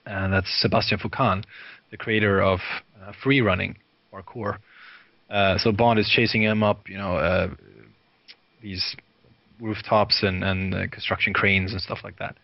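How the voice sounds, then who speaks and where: Male podcast guest from Sweden, low voice, animated storyteller who laughs a lot, dry and slightly dull lo-fi recording. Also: unhurried, vocal fry, no room sound. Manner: lively storyteller, laughs often, many fillers. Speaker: guest, video director. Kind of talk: casual anecdotal chat.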